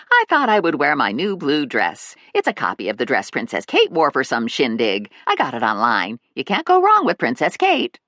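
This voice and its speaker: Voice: mid-range voice, sharp tone, no echo, heavily acted. A narrator voicing a gossipy elderly grandmother in an audiobook, chatty and breezy.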